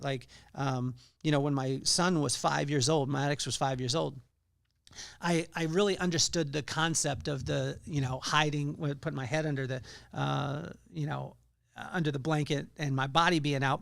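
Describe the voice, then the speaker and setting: A man's voice: a little high, vocal fry, a bit bright, no echo, clean studio sound. A man hosting a podcast, giving an earnest devotional talk on scripture with frequent fillers and restarts. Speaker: podcast host.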